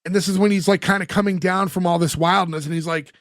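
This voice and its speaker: High-voiced man recapping a sitcom. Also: steady tone, dry recording, studio quality. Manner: recounts scenes with quick acted-out quotes. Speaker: podcast co-host. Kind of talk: casual chat recapping a sitcom episode.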